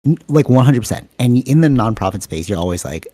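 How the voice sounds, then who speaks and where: A man with a lowish voice talks in a quick, animated, rambling way as a podcast co-host. He is on a video call. The sound is dry and close. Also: dry recording. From Canada. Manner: fast-talking, rambling, animated. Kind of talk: casual chat.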